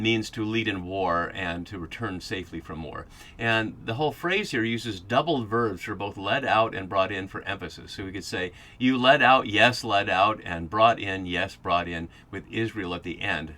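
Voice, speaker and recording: A man's voice: low-pitched, normal speed, sharp tone. A man hosting a podcast, giving a Bible study lecture that explains passages and thinks aloud as he goes. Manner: thinking aloud with fillers and restarts.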